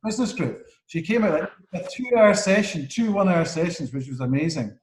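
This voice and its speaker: Man, interview host, rambling delivery, slightly high pitch, roomy echo. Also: animated, brisk. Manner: rambling, many restarts and fillers. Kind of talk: casual interview chat. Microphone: video call.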